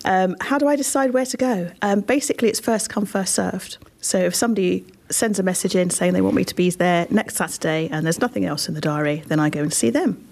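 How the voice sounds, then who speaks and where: A woman mayor answers a young interviewer's questions on a radio programme. She keeps things chatty and good-humoured, pausing on the occasional "um" as she explains her answers. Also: fairly low pitch, creaky, darkish tone. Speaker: town mayor being interviewed.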